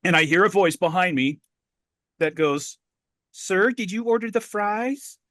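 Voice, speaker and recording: A middle-aged man co-hosting a podcast, telling a story in a profane, animated way. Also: high voice, measured pace, dry recording, clean studio sound. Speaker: podcast co-host. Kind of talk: casual podcast chat.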